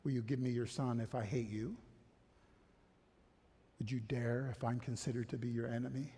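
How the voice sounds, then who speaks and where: A man preaching a sermon, moving between hushed, low passages and loud, high-pitched exhortation. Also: fairly even intonation, normal speed, big-room sound.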